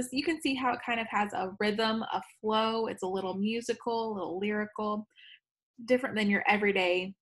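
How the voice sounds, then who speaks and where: A woman's voice: medium pitch, fairly bright tone. A woman teacher talks through a recorded lesson in an easy, conversational tone. She stumbles now and then, corrects herself, and keeps going. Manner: chatty, self-correcting, laughs at own slips.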